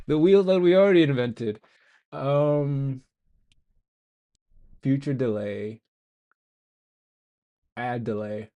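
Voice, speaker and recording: A man's voice: medium pitch, mellow. A young man streaming live as a game developer, rambling and joking at himself while he codes. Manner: rambling, self-mocking, talks to himself while coding. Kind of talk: casual live-stream coding chat.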